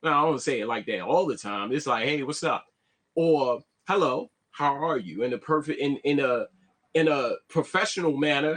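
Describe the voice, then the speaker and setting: A man talking, animated, often restarting and asking "you see what I'm saying". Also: medium pitch, normal speed. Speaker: vlogger. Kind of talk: casual live-stream monologue.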